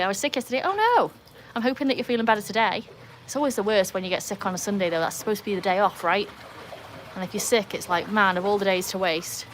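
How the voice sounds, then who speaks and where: Chatty Englishwoman hosting a live stream. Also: slight background noise. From England. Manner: chatty, jumps to high excited greetings. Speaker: livestream host reading chat. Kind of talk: casual live chat. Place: outdoors by a backyard pool.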